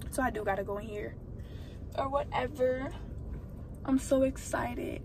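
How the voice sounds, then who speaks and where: A young woman chatting excitedly and rambling in a casual vlog, recorded on a phone inside a car. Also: sits high, unhurried. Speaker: vlogger. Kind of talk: casual vlog chat to camera. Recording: distant phone audio with loud road noise.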